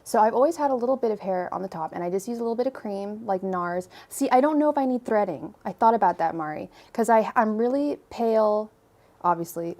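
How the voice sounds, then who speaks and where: A woman's voice: medium pitch, expressive, brisk, warm tone. A young woman from Ireland hosting a tarot livestream, chatting casually and rambling as she greets viewers by name. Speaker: tarot reader and livestream host.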